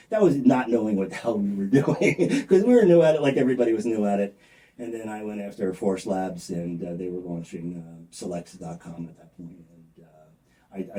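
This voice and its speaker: Interview guest, male, dark low voice, blunt rambling storyteller, distant mic. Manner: rambling, many fillers and restarts.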